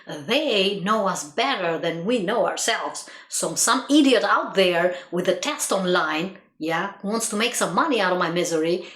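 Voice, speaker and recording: A woman's voice: medium pitch, animated, moderate pace, few pauses, a bit bright. Earnest woman speaking in an echoey room. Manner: earnest, laughs at own stories, repeats for emphasis. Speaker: motivational speaker. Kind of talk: reflective monologue. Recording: roomy echo.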